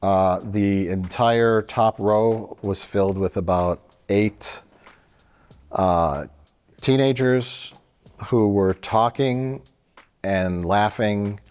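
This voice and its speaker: A man's voice: fairly low pitch, very slow, a little mellow, clear, resonant tone. A man co-hosting a film review show, telling a long annoyed story in casual chat, acting out quotes and swearing freely.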